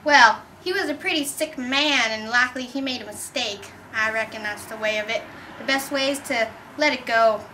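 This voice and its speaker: A woman's voice: on the high side, moderate pace, bright, forceful tone, slight background noise, poor audio. A girl doing a drawling con-man duke. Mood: soothing. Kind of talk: amateur drama reading.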